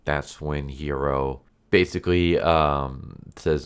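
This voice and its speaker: A man's voice: extremely low pitch, fairly even intonation, measured pace, smooth. A man casually recapping a movie plot in a rambling way, full of 'like' and 'um'. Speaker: anime movie reviewer.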